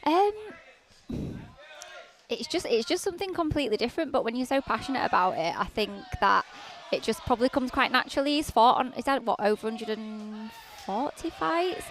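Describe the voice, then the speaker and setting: A woman's voice: a little high, expressive, fairly quick, fairly bright tone. A woman with a Yorkshire accent, chatting as a guest in an interview, with plenty of "like" and "um" fillers. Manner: chatty, leans on "like" and "um". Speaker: guest, fighter's partner. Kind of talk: casual interview chat.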